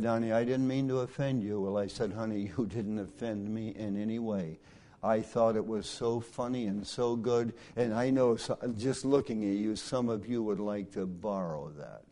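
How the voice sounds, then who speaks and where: A middle-aged male preacher delivering a sermon through folksy personal stories, swinging from hushed asides to loud, emphatic lines. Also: mid-range voice.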